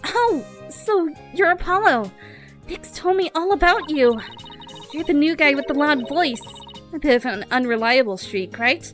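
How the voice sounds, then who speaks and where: A woman reading a cheerful young woman from a video game, breezy and teasing in her delivery. The voice sits high and bright, with faint game music in the background. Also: animated, measured pace.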